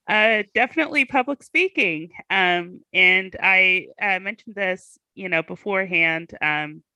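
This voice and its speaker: A woman's voice: medium pitch, slow pace, pushed and bright, clean tone, dry recording. A woman guest in a casual group chat on a video call, talking hesitantly with many fillers and a slight speech impediment.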